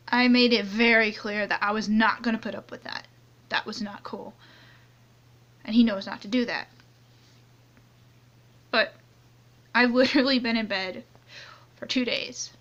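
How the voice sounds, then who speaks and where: A young woman talking tearfully into her phone in an anonymous confessional vlog, halting and trailing off as she goes. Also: a little high, fairly even intonation, fairly bright tone. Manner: halting, many restarts and trailing off. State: tearful, crying on and off. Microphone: phone camera close up, only a hand in frame. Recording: dull lo-fi phone audio.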